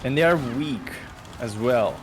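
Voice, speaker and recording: A man's voice: mid-range voice, expressive, measured pace, slight background noise. A man co-hosting a game stream, chatting casually with easygoing, slightly non-native phrasing. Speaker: co-host. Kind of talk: casual gameplay chat.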